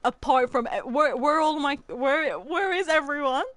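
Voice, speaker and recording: A young adult woman streaming a video game in casual chat, excitable and dramatic, often gasping and laughing. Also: high voice, moderate pace, dry recording.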